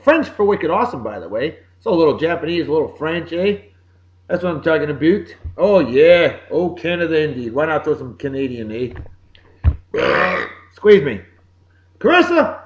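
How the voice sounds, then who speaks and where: A man with a Boston accent hosting a casual show, giving upbeat, jokey birthday shout-outs. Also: fairly high pitch, dull audio. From Massachusetts. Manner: upbeat, jokey, sing-song greetings. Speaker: podcast host.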